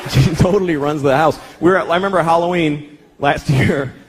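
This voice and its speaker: A man's voice: on the high side, moderate pace. A man in his thirties doing a stand-up comedy routine, with profane, exasperated ranting and heavy swearing. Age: 30s. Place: comedy stage before a live audience. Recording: live audience laughter and room noise. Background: crowd laughing.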